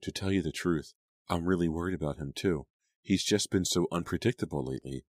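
A man's voice: low-pitched, fairly quick, darkish tone, no room sound, studio quality. A man voicing a concerned teenage girl in an audiobook, frank and matter-of-fact.

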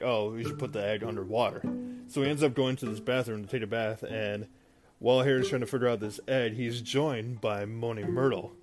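A man casually recapping a film for a video, rambling with many fillers and asides. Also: mid-range voice. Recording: guitar music playing behind.

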